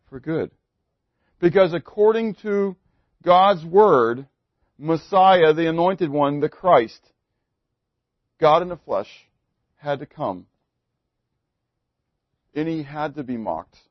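Preacher guy with a slightly high voice, dry close sound, goes loud then hushed, keeps asking the room questions. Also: dry recording, muffled recording. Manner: dramatic, swings between loud emphasis and hushed asides; asks the congregation questions. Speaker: pastor. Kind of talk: sermon.

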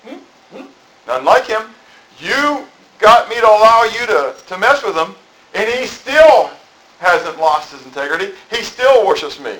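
A man's voice: high voice, sing-song, measured pace, fairly bright tone, reverberant, pitched above the performer's own voice, exaggerated voice, poor audio. A preacher voicing God as a playful, coaxing male deity. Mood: teasing. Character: God, a lofty male deity teasing the devil.

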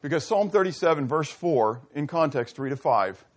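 A male pastor delivering a sermon in a casual, conversational way, often asking his congregation questions and acting out short dialogues, with his voice sinking low and soft at times. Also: expressive, moderate pace.

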